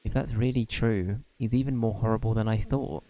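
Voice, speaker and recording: An earnest, polite young boy hero, read by a man who asks plain, sincere questions. The tone is low and mellow, quietly warm. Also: fairly even intonation, fairly quick, natural voice.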